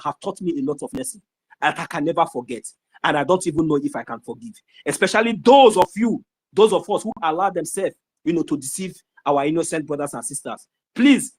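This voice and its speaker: Nigerian accent activist scolding people in a live audio room, very animated pitch, keeps repeating himself or herself. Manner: scolding, repetitive, emphatic. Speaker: activist speaker.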